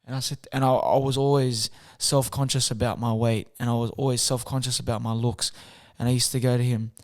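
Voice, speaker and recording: Soft-spoken young man. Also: medium pitch, little pitch movement, a little fast. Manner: soft-spoken, chatty, acts out quotes with slang. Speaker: guest, boxer. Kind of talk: casual storytelling interview.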